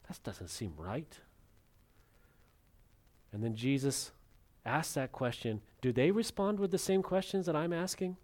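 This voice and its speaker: Dramatic preacher swinging loud to hushed. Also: male voice, a little high, a little slow, pauses often. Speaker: pastor. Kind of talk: sermon.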